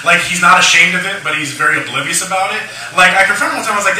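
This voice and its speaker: A man's voice: high voice, racing, few pauses, sharp tone. A tipsy young man doing a crude, rambling stand-up set in a lounge bar. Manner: crude, rambling, shock humor. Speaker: stand-up comedian. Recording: echoey room, mic from far off.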